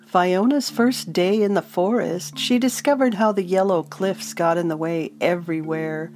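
A woman narrating a fantasy story in a calm, measured audiobook style. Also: lowish voice. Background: soft instrumental music.

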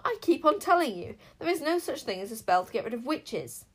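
A woman's voice: fairly high pitch, a little fast, natural voice. Woman reading as a snappish witch queen. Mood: irritable scolding. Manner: sharp and scolding. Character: haughty irritable witch queen, adult woman.

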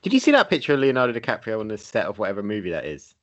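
A man's voice: lowish voice, wildly swooping pitch, racing, a bit bright, lo-fi sound. A man co-hosting a podcast, chatting casually and joking with frequent laughs. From United Kingdom. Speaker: podcast co-host. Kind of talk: casual chat.

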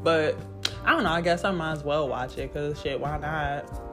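A woman's voice: deep voice, normal speed, soft background music. A woman ranting casually about a video game, profane and exasperated, often breaking into laughter. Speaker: gamer reviewing a video game.

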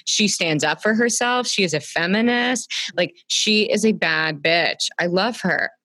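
A woman's voice: fairly low pitch, fairly bright tone, no room sound. Gushing, swearing woman podcaster. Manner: gushing, profane, fast-riffing. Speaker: podcast co-host. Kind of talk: casual chat.

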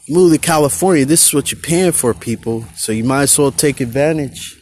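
A man's voice: a little high, brisk, hardly any pauses, darkish tone, breathy edge. A middle-aged man hosting a casual podcast, rambling loosely outdoors on a bike trail, restarting and repeating words. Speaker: podcast host.

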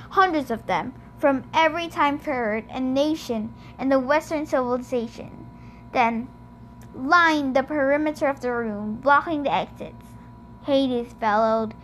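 Female amateur reader of a novel; high voice, unhurried. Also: fairly bright tone, a little hiss or hum. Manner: measured first-person narration. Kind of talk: reading a novel aloud.

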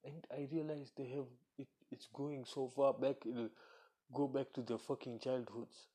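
A man's voice: mid-range voice, level tone, normal speed, warm tone, husky. Blunt, profane man ranting casually. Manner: acts out quoted voices. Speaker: commentator. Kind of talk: casual monologue.

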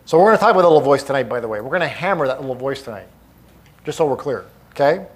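A man's voice: mid-range voice, lively intonation, very fast, slightly rough. A middle-aged man giving a live motivational talk, emphatic and punchy, hammering points home through repetition. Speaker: motivational speaker.

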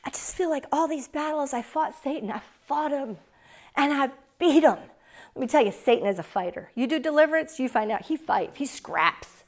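A woman's voice: high-pitched, lively intonation, moderate pace. A woman preacher, telling a tearful personal story and then praying fervently over her congregation in a church. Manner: earnest, tearful, rising to fervent prayer. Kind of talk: emotional sermon and closing prayer.

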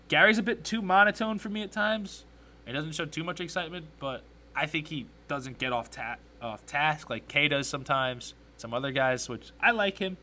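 A young man sits high as he hosts a solo sports podcast, ranting with strong opinions, growing excited and correcting himself along the way.

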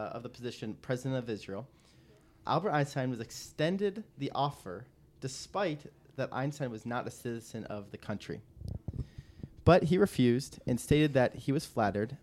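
A man's voice: mid-range voice, a little mellow. Podcast co-host, male, chatty storyteller, stumbles and laughs, faint hiss behind. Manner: laughs often, stumbles and restarts. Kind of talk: casual chat, telling a trivia story.

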